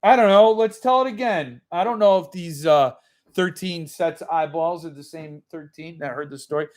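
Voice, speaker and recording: A man's voice: a little high, moderate pace. A man hosting a book channel, chatting loosely on a livestream from a room at home, rambling and reading viewer comments aloud. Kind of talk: casual livestream chat.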